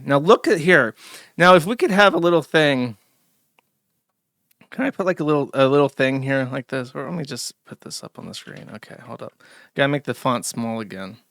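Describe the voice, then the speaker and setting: A man's voice: mid-range voice, fairly bright tone, no room sound, clean studio sound. A young man hosting a stream, giving crude, sarcastic, mocking commentary from his home setup. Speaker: streamer host. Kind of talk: casual commentary. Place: home studio.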